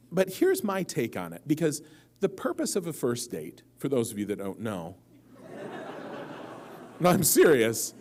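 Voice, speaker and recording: A man's voice: mid-range voice, darkish tone. A man in his forties giving a jokey live talk to a convention audience, telling stories with playful quoted voices before a question-and-answer session. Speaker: author at a convention panel. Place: large convention room with audience. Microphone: handheld or stand mic.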